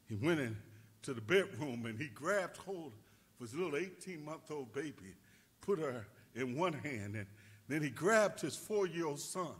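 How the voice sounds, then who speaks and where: Fervent husky-voiced male preacher. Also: on the high side. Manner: fervent preaching that builds to shouted peaks. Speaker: pastor. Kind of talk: sermon.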